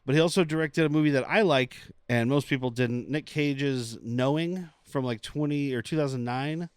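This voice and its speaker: A man's voice: mid-range voice, normal speed, smooth, no echo. A man hosting a casual film podcast, rambling through asides and laughing often. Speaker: podcast host.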